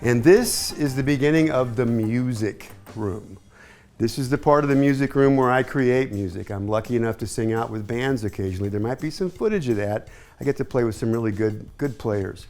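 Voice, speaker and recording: An older man from East Tennessee with a gravelly edge to his voice, showing off his home with chatty, rambling asides. His pitch sits at a middling level, with soft music faintly behind him. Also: normal speed. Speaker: hi-fi sales associate. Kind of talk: casual home tour chat.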